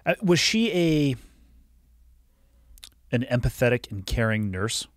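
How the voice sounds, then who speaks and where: A man's voice: mid-range voice, lively intonation, takes it slowly, no echo, clean studio sound. A male podcast host asking thoughtful, probing follow-up questions. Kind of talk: interview questions.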